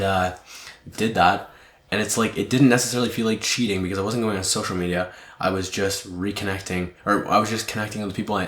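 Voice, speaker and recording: Deep-voiced young man, casual, echoey. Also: fairly bright tone. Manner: candid, swears often, rambling. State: underslept, tired. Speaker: podcast host. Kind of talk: casual reflective monologue. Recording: echoey room.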